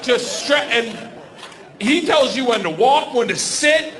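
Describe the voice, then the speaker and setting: A man in his forties doing a stand-up comedy set, loud and laughing as he shouts punchlines. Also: very high-pitched, lively intonation, moderate pace. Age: 40s. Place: comedy stage before audience. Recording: live club with crowd noise.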